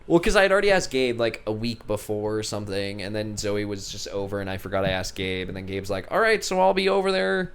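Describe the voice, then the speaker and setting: A young man hosting a podcast, telling an animated story in casual chat, swearing freely and often breaking into laughter. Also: lowish voice, fast talker, few pauses, clear, resonant tone. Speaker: podcast host.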